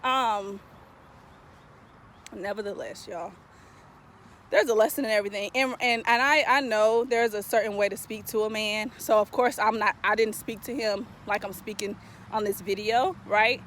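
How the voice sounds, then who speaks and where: A woman vlogging outdoors in a park, telling her story with animated emphasis, a little out of breath as she walks. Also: medium pitch, moderate pace, slight background noise. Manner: animated, emphatic storytelling, addresses viewers as y'all. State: slightly out of breath while walking. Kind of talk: casual talking-head vlog.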